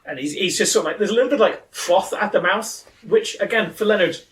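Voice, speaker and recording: Excitable guy at a tabletop game, high lively voice, sounds far off in an echoey room. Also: fast. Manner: excitable, laughing, high animated exclamations. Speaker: player. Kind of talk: tabletop role-play, in-character asides.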